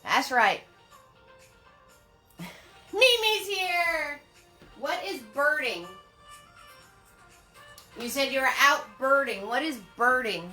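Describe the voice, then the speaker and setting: A woman's voice: sits high, very animated, drawn-out words, long pauses, pushed and bright. A woman teaching a live painting lesson, chatting and greeting viewers by name with pet names like sweetie and hon. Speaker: painting instructor. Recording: echoey room with faint music.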